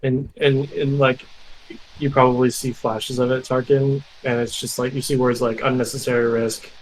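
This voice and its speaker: Flat-voiced man mumbling at a game table. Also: mid-range voice, moderate pace, slight background noise, rough recording. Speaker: player.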